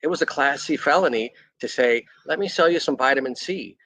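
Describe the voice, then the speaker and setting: A man's voice: mid-range voice, brisk, fairly bright tone, no room sound, rough recording. A middle-aged man, a chiropractor, telling his story in a candid, rambling way with frequent restarts. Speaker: chiropractor guest on a podcast. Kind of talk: casual storytelling interview.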